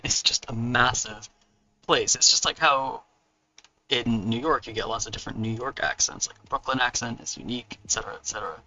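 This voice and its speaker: A man's voice: medium pitch, pushed and bright, recorded from a distance, lo-fi sound. A man with a Californian accent hosting a book launch livestream, chatting casually with viewers, rambling and laughing often.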